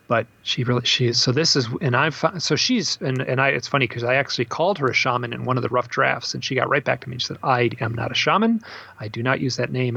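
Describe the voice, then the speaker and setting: A man, an author, telling stories in a casual interview, animated and acting out the voices of the people in them. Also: medium pitch, gravelly, husky, no room sound. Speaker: author and podcast guest. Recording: slightly dull, dry recording.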